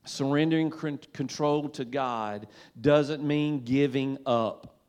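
A male pastor delivering a sermon in a church in a folksy, conversational voice of middle pitch. He talks easily and casually, breaking into call-and-response repetition with his listeners. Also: slow, a little mellow, clear, resonant tone. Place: church sanctuary.

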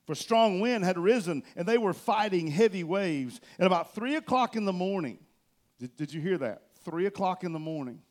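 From a church stage, a male pastor preaches a sermon, telling the story with animation at a moderate pace. His voice sits high and swings between loud and soft.

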